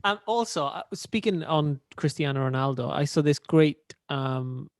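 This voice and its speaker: A man co-hosting a podcast, with a fairly high voice that swings up and down a lot. He drops in short teasing quips and encouragement, recorded dry and close. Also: lively intonation, no echo. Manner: quick supportive interjections and teasing asides. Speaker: podcast co-host. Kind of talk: casual chat.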